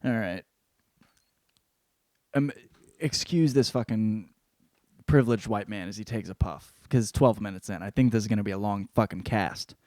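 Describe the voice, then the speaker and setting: A man hosting a podcast, rambling through a casual book review with constant swearing and animated storytelling. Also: lowish voice, moderate pace, long pauses, no echo, clean studio sound. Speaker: podcast host.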